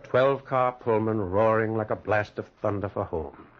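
An actor with a natural, husky voice on the low side narrates at a moderate pace as the lead character of a 1940s radio drama. He plays a lonely man haunted by memories, telling his own story expressively, in a dull, lo-fi old radio recording.

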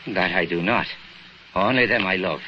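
An actor playing a charming, teasing Irish steelworker with an Irish accent, in 1940s radio acting. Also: male voice, sits low, moderate pace, natural voice. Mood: flirting. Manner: teasing, flirtatious brogue. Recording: muffled old radio recording, faint hiss.

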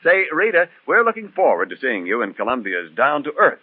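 Lively 1940s radio announcer man. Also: mid-range voice, fairly quick, slightly rough, dry recording. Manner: polished, jovial announcer delivery. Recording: tinny 1940s radio broadcast, faint music.

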